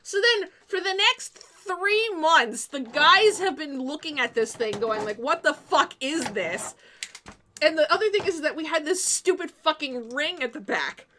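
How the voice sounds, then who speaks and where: A woman's voice: high voice, animated, normal speed, hardly any pauses, pushed and bright, slight background noise. A young Canadian woman telling a story on a livestream, laughing, swearing and acting out what people said. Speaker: co-host.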